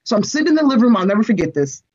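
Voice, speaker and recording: A woman in her forties, an interview guest, telling a personal story in an expressive, animated way and speaking straight to the host. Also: on the high side, rapid-fire, slightly rough. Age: 40s. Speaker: guest, entertainment reporter and screenwriter. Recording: slightly dull lo-fi sound.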